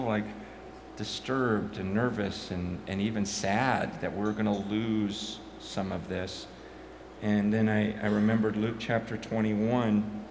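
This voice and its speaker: A man in his forties preaching a sermon, animated and stammering, climbing loud and high when excited. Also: reverberant, slight background noise. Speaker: pastor.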